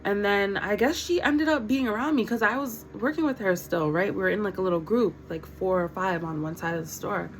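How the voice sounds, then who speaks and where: Mulher contando história, direta e animada. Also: female voice, medium pitch, fairly quick, few pauses, slight background noise, low-quality recording. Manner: animated and blunt, swears freely, quotes others. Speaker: vlogger. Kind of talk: casual storytime.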